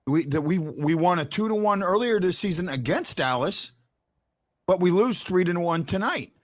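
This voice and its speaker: This casual postgame sports show host has a high-pitched, expressive voice at a moderate pace. His speech is full of stammering restarts, and he leans hard on his points when arguing.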